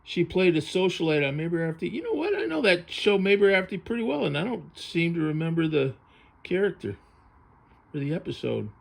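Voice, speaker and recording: A man with a slightly raised pitch talks through a book in a relaxed, unscripted way. He chats and muses aloud, his thoughts drifting from one to the next. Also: a little fast, vocal fry. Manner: chatty, musing aloud, drifting between thoughts. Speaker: vintage TV book reviewer. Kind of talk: casual commentary while paging through a book.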